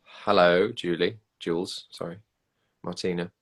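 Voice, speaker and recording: A man's voice: sits low, steady tone, a little slow, a bit bright. A man, chatting casually on a livestream and answering viewer comments. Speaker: livestream host reading comments. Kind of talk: casual chat.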